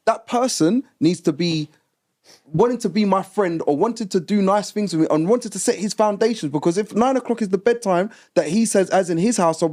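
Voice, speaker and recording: A man, co-hosting a live podcast, arguing emphatically in casual group chat. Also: high-pitched. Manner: animated, emphatic, lots of repeated "no"s. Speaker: podcast co-host.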